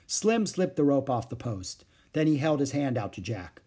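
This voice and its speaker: A man's voice: mid-range voice, normal speed, husky. Man reading a children's story aloud. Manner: lively expressive reading. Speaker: narrator.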